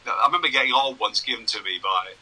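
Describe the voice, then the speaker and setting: A man in his sixties, a broadcaster and journalist, talks fast in a mid-range voice that's pushed, bright and slightly rough. He's chatting over a video call in a casual interview, telling anecdotes in a self-deprecating way. The recording quality is low.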